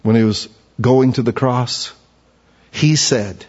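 A man's voice: slow, pauses often. Man preaching in a reverberant hall. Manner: swings between hushed low lines and raised emphatic ones. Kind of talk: sermon. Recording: dull sound with long hall reverb.

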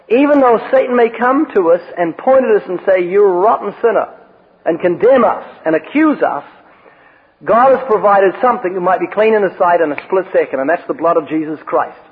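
A man's voice: high voice, breathy edge. A man preaching a sermon and telling a personal story, with emphatic quoted lines. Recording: tinny phone-like radio broadcast with long reverb.

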